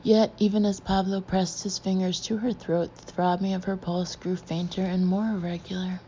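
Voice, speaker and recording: A woman reading a suspense novel aloud in a low, mellow, measured voice. The recording is dull and lo-fi, with a faint hiss underneath. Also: level tone. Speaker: audiobook narrator. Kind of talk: scripted narration.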